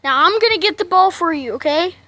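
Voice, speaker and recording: A woman's voice: extremely high pitch, animated, brisk, sharp tone, slight background noise. A woman vlogging casually at home, playfully coaxing and chatting to her dog on a handheld camera.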